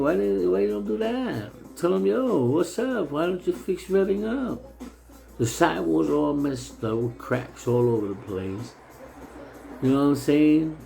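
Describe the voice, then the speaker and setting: A local resident of New York City rants heatedly about his town, New City, in a casual monologue that's repetitive, stammering, and profane. His voice is fairly high with vocal fry and a dark tone, captured in a low-quality recording.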